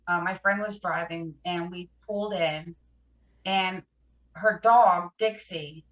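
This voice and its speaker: Woman guest, emotional recovery story, bright tense voice, lo-fi sound. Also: lowish voice, echoey room. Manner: halting, emotional, fighting back tears. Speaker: podcast guest. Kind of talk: personal recovery story in an interview.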